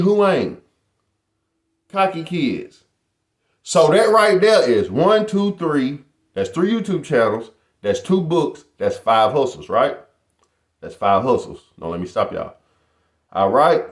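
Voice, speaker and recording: A man's voice: medium pitch, sing-song, slow, long pauses, roomy sound. A middle-aged man talking casually to his viewers in a boastful, motivational vlog style. He keeps calling them "y'all.". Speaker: YouTuber.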